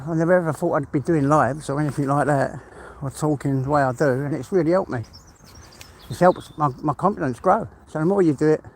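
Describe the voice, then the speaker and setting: Chatty man, fairly high voice. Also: slight background noise. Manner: chatty, swears freely, laughs often. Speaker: livestream host. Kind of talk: casual live chat while walking. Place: outdoors on a walk.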